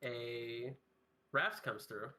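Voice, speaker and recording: A man acting as game master, narrating a tabletop game in a loose, halting way with lots of fillers. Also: mid-range voice, very noisy.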